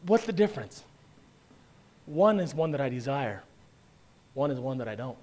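A man's voice: mid-range voice, very animated, normal speed, darkish tone, a little hiss or hum. A man preaching a sermon in a conversational way, often asking his listeners "right?" and "okay?" and repeating words for emphasis. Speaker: pastor.

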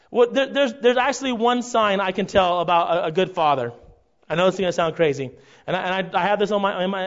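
A man preaching a conversational sermon to his congregation, often checking in with a quick "right?". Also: high voice. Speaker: pastor. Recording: dull lo-fi recording.

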